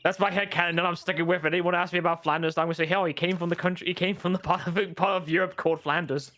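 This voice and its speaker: Joking, foul-mouthed man, somewhat high voice. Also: level tone, rapid-fire, sharp tone. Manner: joking, swears often, rambling asides. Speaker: co-host on a game stream. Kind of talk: casual banter.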